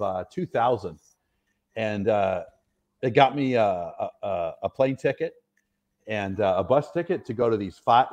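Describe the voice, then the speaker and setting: A man's voice: mid-range voice, a little mellow. A middle-aged man from the northwestern United States, an interview guest chatting through long stories, rambling and self-deprecating with plenty of fillers. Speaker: interview guest, retired soldier. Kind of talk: casual storytelling interview.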